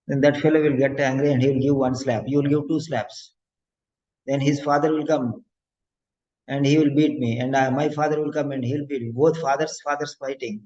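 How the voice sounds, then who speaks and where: A man's voice: medium pitch, brisk. Preachy male exam coach, lo-fi. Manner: lively, preachy, repeats phrases for emphasis. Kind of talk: motivational lecture to students. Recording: dull lo-fi lecture audio.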